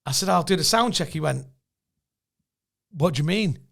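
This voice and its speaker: On a casual podcast, a comedian co-host shares humorous stories in a fairly high, creaky voice at normal speed. He's animated, laughs frequently, and imitates the voices of the characters.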